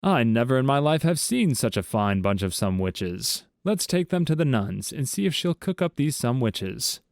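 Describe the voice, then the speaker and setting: A man's voice: mid-range voice, big pitch swings, normal speed, gravelly, no room sound, clean studio sound. A man voicing an indignant male cardinal with a pompous manner.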